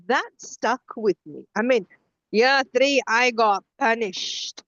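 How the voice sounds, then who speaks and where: A middle-aged woman co-hosting a podcast, telling stories in a casual, animated way with many restarts. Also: a little high, slow pace, no echo, dull audio. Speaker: podcast co-host. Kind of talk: casual conversation.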